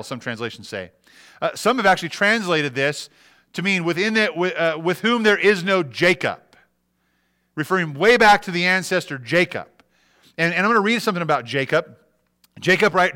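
A man delivering a sermon, reading scripture and then unpacking it in his own words. His voice is bright and forceful and sits a little high, and he often repeats himself and restarts sentences as he explains. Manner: reads scripture aloud and preaches with repetitions and restarts. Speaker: pastor.

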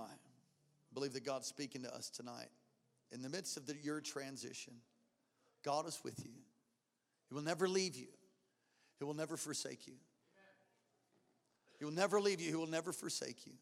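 A man preaching with a notably high voice, his words ringing through a big hall with a long echo. He drives his points home through repetition and calls for the crowd to answer back. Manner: emphatic, repetitive preaching with call-and-response. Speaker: pastor. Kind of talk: sermon.

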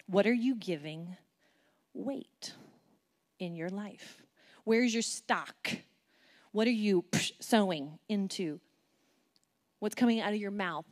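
A woman preaching a sermon to an audience in a lively, playful way, asking them many questions and acting out quotes with big jumps in pitch and volume.

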